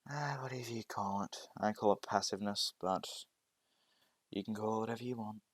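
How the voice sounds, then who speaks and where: A calm, polite teenage boy, played by a male narrator who meets insults with mild, patient answers. The voice stays fairly low and even, close to the reader's own in a homemade fan story. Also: fairly quick, no echo, lightly acted.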